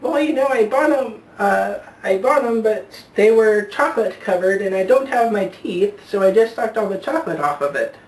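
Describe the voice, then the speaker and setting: A man voicing a toothless old woman in her eighties or nineties, in a high warbling put-on voice with drawn-out hums. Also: expressive. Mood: contented. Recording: roomy echo, far from mic, faint hiss.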